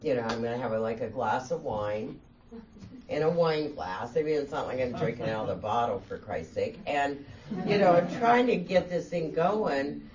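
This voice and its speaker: Crowd noise accompanies a woman's expressive bass voice at normal speed as she tells her own story to a meeting-room audience. She's a candid, self-mocking guest speaker who laughs as she talks, captured in a distant, dull recording with faint room hiss.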